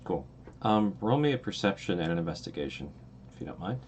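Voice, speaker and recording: A man running a tabletop game as game master, narrating scenes in a relaxed, meandering way with many fillers. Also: low-pitched, fairly quick, slight background noise.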